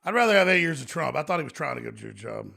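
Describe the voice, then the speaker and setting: A man's voice: medium pitch, very animated, rapid-fire, gravelly, pushed and bright, slight background noise. A man on a podcast as the guest, ranting emphatically in casual studio chat.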